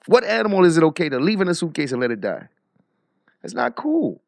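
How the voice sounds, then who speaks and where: Male streamer, gravelly voice, slightly high, dry close mic, emphatic casual talk. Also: fairly quick, no room sound. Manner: animated, emphatic, repetitive restarts. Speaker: livestream host. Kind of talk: casual livestream commentary. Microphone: headset or desk mic.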